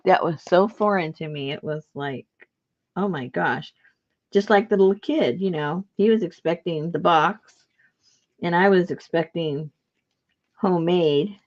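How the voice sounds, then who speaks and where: A woman's voice: lowish voice, unhurried, muffled recording. A woman telling a story in a casual chat, laughing often and acting out the voices in her quotes. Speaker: craft video host.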